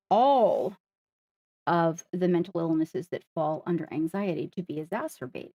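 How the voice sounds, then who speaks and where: A woman's voice: lowish voice, a little mellow, no echo. A woman on a livestream, earnestly sharing her story and speaking straight to the viewers in a casual way.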